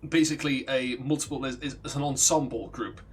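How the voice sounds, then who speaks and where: A man's voice: medium pitch, steady tone, fairly quick, a little hiss or hum. A young man streaming a game, casually retelling a story in a rambling way and acting out the characters' lines. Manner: rambling, chuckling, acts out quotes.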